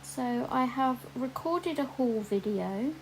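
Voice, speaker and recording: A woman's voice: high voice, animated, slow pace, slight background noise, rough recording. A woman chatting casually while colouring on a livestream, with lots of ums and asides to viewers reading their comments.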